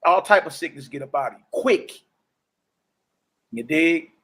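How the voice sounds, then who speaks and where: A man in his forties giving a casual, preachy testimony as a livestream host, slangy and animated, often asking "you dig?". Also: fairly high pitch, a little slow. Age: 40s.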